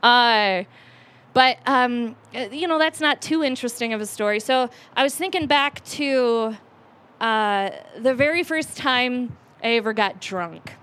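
A woman's voice: on the high side, unhurried, fairly bright tone, clear, resonant tone. Rambling, self-mocking young woman storyteller. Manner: rambling and self-mocking, with many fillers and restarts. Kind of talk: live storytelling show. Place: live event venue.

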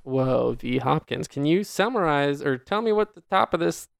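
A man's voice: a little high, expressive, moderate pace, gravelly, no room sound. A man co-hosting a podcast, chatting casually with wry, rambling jokes and the odd swear. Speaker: podcast co-host. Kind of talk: casual chat.

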